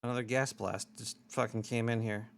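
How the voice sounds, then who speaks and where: A man's voice: mid-range voice, fairly even intonation, moderate pace, vocal fry. A man hosting a casual talk show, rambling loosely and swearing, a bit drunk. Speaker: show host. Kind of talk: casual radio-show chat.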